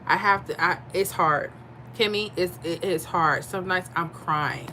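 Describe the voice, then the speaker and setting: A woman's voice: lowish voice, measured pace, pushed and bright, slight background noise. A woman hosting a casual livestream, chatting with viewers and answering their comments in a candid, tired way. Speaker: livestream host reading chat.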